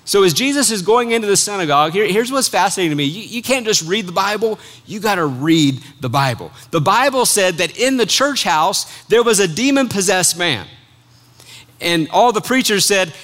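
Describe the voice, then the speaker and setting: High-voiced man preaching a lively sermon. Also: moderate pace. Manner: animated, conversational, joking with the congregation.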